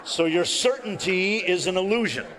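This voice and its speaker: A man's voice: high-pitched, normal speed, over a noisy crowd, very noisy. A man giving a live stage talk as an illusionist presenter, playful and conversational, often asking the audience questions. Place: large hall with live audience. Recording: long hall reverb.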